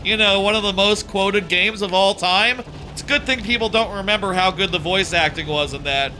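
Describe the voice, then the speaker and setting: A man's voice: sits high, normal speed, sharp tone, a little hiss or hum. A man giving casual gameplay commentary as a streamer, rambling and sardonic, with frequent stammered restarts.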